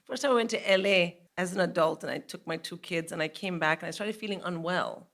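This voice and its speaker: A woman in her forties, a guest comedian on a live stage, telling an animated story and laughing as she goes. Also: fairly low pitch, fairly quick.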